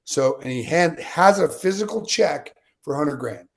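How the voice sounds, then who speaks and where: A man's voice: a little high, animated, normal speed, gravelly, husky. A man in his late thirties from Utah, a guest telling a long story in a casual, digressive interview style. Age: late 30s.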